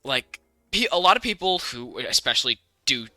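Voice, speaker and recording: Young American man, podcast co-host; very bright, dry-miked, rambling and restarting. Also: mid-range voice, big pitch swings, dry recording, faint music behind. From United States. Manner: rambling, many restarts, fast bursts. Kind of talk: casual chat.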